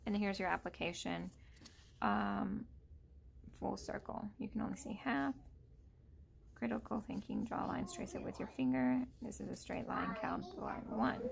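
Chatty young mom, gravelly, noisy room. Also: female voice, mid-range voice, normal speed. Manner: chatty, thinking aloud with fillers. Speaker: homeschooling mom vlogger. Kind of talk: casual talk-through vlog. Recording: loud background noise.

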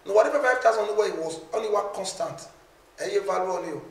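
Nigerian guy chatting slowly, raised pitch, sounds a bit far from the mic. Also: animated, echoey room. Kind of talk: casual conversation.

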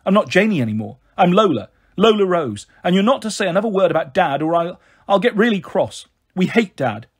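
A man's voice: sits high, big pitch swings, fairly quick, slightly rough, heavily acted. A man voicing an eager young girl who is earnest and bossy with her little brother. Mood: fierce. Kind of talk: audiobook character voice.

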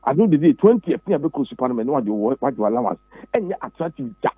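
A Ghanaian man, a pastor and former presidential candidate, speaking emphatically as an interview guest, his voice husky and jumping high when he presses a point. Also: big pitch swings, fast, mellow, no room sound. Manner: emphatic and preachy, with sudden high pitch leaps and repeated words. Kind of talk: political interview, Twi mixed with English. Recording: tinny phone-like line.

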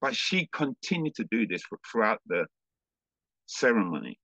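A man, a pastor, telling a personal testimony as a sermon in an easygoing storytelling way, halting now and then with small fillers. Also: lowish voice, very animated, creaky, bright, forceful tone, no echo, low-quality recording.

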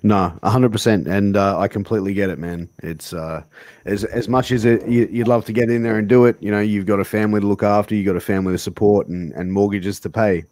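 A man's voice: on the low side, fairly even intonation, quick pace, a little mellow. Joking Australian man hosting an interview. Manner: jokey, laughing, heavy slang. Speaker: interview host. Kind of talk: casual podcast interview.

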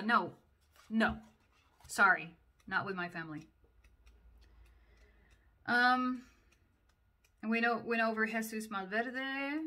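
A woman's voice: a little high, slow, pauses often, sharp tone. A woman casually talking through a book, reading captions aloud and adding her own chatty comments full of "like.". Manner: chatty, uses many "like" fillers. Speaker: book reviewer.

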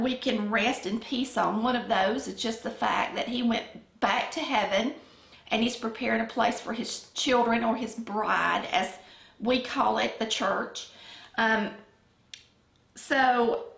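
Middle-aged Southern woman, relaxed Bible-study teacher, gravelly tone, echoey room sound. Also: fairly high pitch. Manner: conversational, unhurried, frequent ums. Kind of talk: casual Bible lesson.

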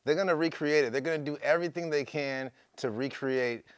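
Smooth-voiced eager male co-host. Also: on the high side, a little fast, no echo. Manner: enthusiastic, gut-driven. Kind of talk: casual sports betting chat.

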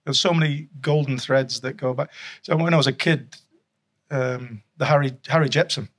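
A middle-aged Yorkshire man, once a rugby league coach and official, appears as a guest in a casual chat. He tells rambling stories at a normal speed in a medium-pitched, fairly even voice, often chuckling and starting over.

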